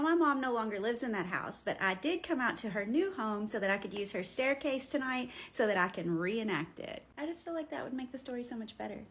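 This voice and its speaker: Animated woman telling ghost stories. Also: a little high, breathy edge. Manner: animated, blunt, swears freely. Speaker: paranormal storyteller. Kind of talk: casual storytelling.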